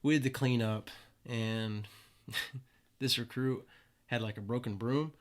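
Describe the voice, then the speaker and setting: A young man speaks slowly in a mid-range voice with fairly even intonation. He's a laid-back podcast guest in a casual storytelling interview, swearing freely and acting out the voices of people he quotes.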